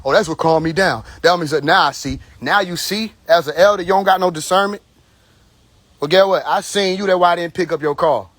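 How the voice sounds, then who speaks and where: A man with a somewhat high voice holds forth on a phone livestream. He rambles, swears freely and talks bluntly, loosened up and a little tipsy. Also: fairly quick, a bit bright, no room sound. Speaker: live stream host. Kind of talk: casual live stream monologue.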